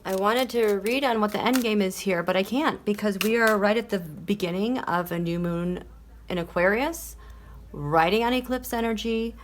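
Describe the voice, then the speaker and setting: A woman giving a solo tarot reading in a deliberate, measured way. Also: mid-range voice, slight background noise. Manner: slow, deliberate delivery broken by fits of giggling. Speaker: tarot reader.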